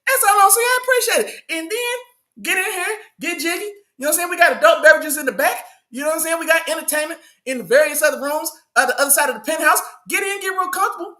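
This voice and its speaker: A man hosts a casual live sports talk stream. He talks in loose slang, greets his chat and says things twice. His voice sits high for a man and sounds bright and forceful. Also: lively intonation, fast. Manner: slangy, hypes up the live chat, repeats himself. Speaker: sports show host.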